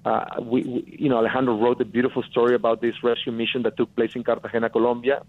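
A man's voice: medium pitch, little pitch movement, quick pace, dry recording. A man from Mexico with a Mexican accent, a guest producer telling his story earnestly, repeating phrases for emphasis. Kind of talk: phone-in interview storytelling. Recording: tinny phone line.

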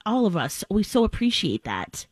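A woman's voice: mid-range voice, very animated, moderate pace, slightly rough, no echo. A woman co-hosting a morning radio show, talking enthusiastically and gushingly with a guest. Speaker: radio co-host. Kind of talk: casual morning radio chat.

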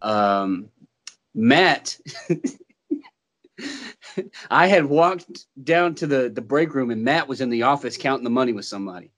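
A man's voice: mid-range voice, animated, a little slow, long pauses, a bit bright. A man telling stories in casual chat, swearing and breaking into laughter often.

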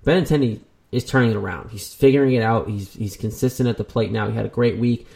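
A man's voice: medium pitch, fast, vocal fry, darkish tone. A man co-hosting a casual baseball talk show, rambling with many restarts. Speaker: sports podcast co-host.

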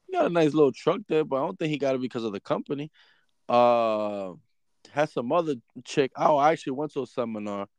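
A man co-hosting an uncensored podcast, telling stories in loud, profane banter. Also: medium pitch, a little fast, no room sound. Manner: animated, profane storytelling. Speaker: podcast co-host.

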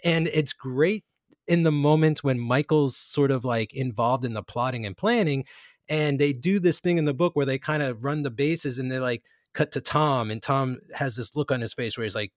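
A young man co-hosts a podcast, chatting casually and rambling, with plenty of fillers and restarts. His voice is mid-range at a normal speed, and the recording is clean studio sound with no echo.

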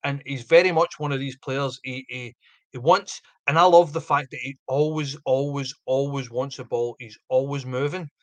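A man's voice: medium pitch, fairly even intonation, moderate pace, dry recording. A man talking football on a podcast, enthusiastic and repeating words for emphasis. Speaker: podcast pundit.

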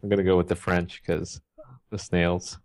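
A very low-voiced man talks about books in easy conversation, laughing often and stumbling over restarts. He reads passages aloud between remarks. The sound is close and dry, with no room around it. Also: flat delivery, moderate pace, darkish tone, clean tone, dry recording. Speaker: podcast co-host. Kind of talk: casual literary chat with read-aloud passages.

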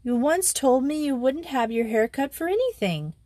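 A woman reader voicing a brisk, blunt twelve-year-old English schoolgirl who talks firmly and scolds. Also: high-pitched, expressive, warm tone, no echo, pitched above the performer's own voice. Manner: firm, scolding, no-nonsense.

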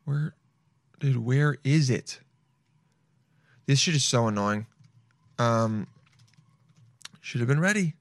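A man's voice: medium pitch, slow, pauses often, no room sound. A young man streaming and reacting to videos in loose, swearing, self-mocking casual talk.

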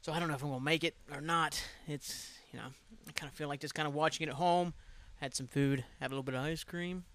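A man hosting his own podcast from home, chatting casually in a rambling, excitable way, swearing freely and sounding tired. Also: on the high side, fast. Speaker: podcast host. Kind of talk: casual solo podcast chat.

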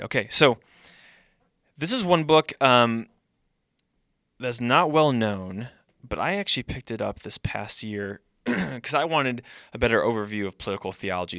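A man's voice: on the low side, pushed and bright, clean tone, dry recording, studio quality. A man who is a pastor and podcast host, speaking in a conversational podcast monologue and thinking aloud.

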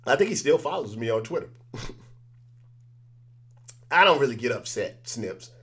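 A man's voice: mid-range voice, sing-song, moderate pace, a bit bright. A man as an interview guest, chatting casually and telling stories animatedly, acting out the exchanges he quotes.

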